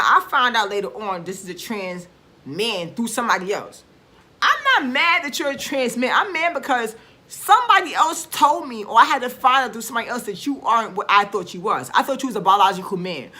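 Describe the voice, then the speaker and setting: A woman speaks straight to her viewers in a loose, unscripted rant. Her voice is bright and forward, and she leans hard on her points with swearing and sudden emphasis, often stopping to restart a thought. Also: on the high side, lively intonation, fairly quick. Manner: blunt, emphatic and profane, often trailing off and restarting. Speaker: vlogger. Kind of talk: casual rant to camera.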